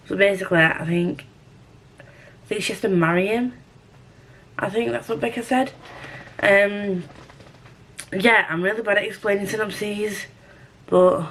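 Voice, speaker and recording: A woman chats to her camera at home about a book, drifting from thought to thought with plenty of ums. She pokes fun at herself and speaks at an easygoing, slow pace in a mid-range voice. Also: medium pitch. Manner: rambling, self-deprecating, full of fillers. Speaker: book vlogger. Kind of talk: casual book chat.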